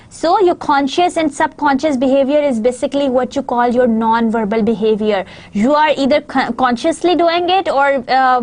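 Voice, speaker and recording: A woman from Pakistan lectures on communication skills for a recorded course. Her voice sits high, and she explains each slide slowly, filling gaps with hesitant fillers. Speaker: university lecturer.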